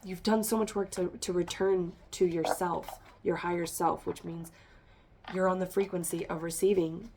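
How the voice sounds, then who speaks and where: A woman's voice: on the low side, fairly even intonation, moderate pace, a little mellow, slight background noise. Chatty woman giving a spiritual reading. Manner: rambling, emphatic, addresses listeners directly. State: congested. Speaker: tarot reader.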